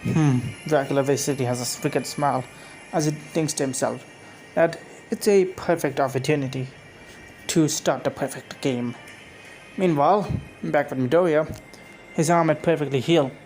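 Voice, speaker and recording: Rambling fan-story narrator over music. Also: male voice, fairly high pitch, normal speed, darkish tone, rough recording. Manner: loose, rambling, restarts and self-corrections. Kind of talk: casual read-aloud storytelling.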